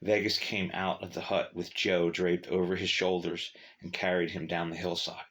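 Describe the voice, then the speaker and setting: A man narrating a short story in a measured, steady reading. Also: low-pitched.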